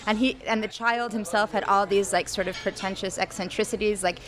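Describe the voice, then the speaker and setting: A woman's voice: medium pitch, fairly even intonation, brisk, fairly bright tone, faint music behind. A young adult woman author in an interview, talking in a rambling, hesitant way full of fillers and restarts. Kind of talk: conversational interview.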